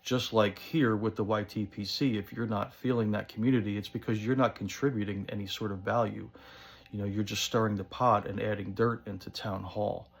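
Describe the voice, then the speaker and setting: A man with a thick New Jersey accent talks in a loose, rambling monologue. He keeps slipping in "you know" and "um". His voice sits a little low and has a gravelly crackle. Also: steady tone, a little fast. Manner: rambling, conversational, many fillers. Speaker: pipe-smoking channel host. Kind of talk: casual monologue to camera.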